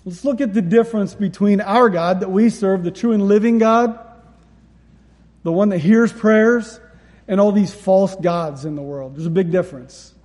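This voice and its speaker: A pastor preaches a sermon and reads scripture aloud in a high-pitched, slightly mellow voice at a normal pace, his sound filling a big room. He is earnest and repeats words whenever he stresses a point.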